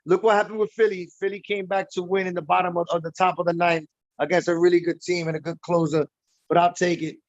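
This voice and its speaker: A baseball fan on a livestream chats loosely about his team's playoff game, a little tipsy from drinking and rambling between laughs. His high voice barely moves in pitch and he talks fast. The lo-fi recording is dull and dry, with no room sound.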